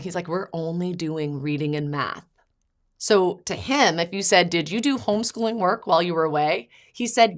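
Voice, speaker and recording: A woman in her thirties hosting a podcast, chatting casually and telling family stories in lively bursts, quoting others as she goes. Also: medium pitch. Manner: chatty storytelling, quotes her son and mother in lively bursts. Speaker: podcast host. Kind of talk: casual chat.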